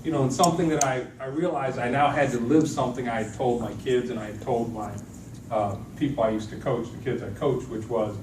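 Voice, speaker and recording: A man's voice: mid-range voice, a little fast. A middle-aged man giving a storytelling talk to a conference audience, acting out the people in his stories. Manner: animated storytelling with acted-out quotes. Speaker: motivational speaker. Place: large event hall with an audience. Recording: echoey hall, distant mic, noisy.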